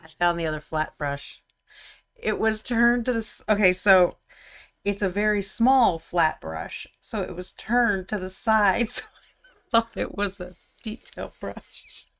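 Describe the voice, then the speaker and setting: A woman's voice: mid-range voice, unhurried, creaky, fairly bright tone. A woman chatting casually and teasing her co-host while she paints miniatures on a live stream. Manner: chatty and teasing, often laughing.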